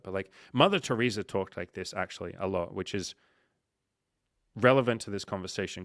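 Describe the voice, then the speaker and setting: A man hosting a casual livestream, talking in an animated, profane way and acting out the voices he quotes. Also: fairly low pitch, no room sound, studio quality. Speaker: coach and livestream host.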